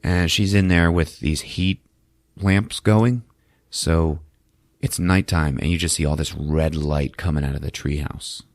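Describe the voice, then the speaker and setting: A man's voice: rumbling low, steady tone, unhurried, no room sound, clean studio sound. A man hosting a podcast, recapping a movie in a loose, profane, chatty way full of fillers. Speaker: podcast host.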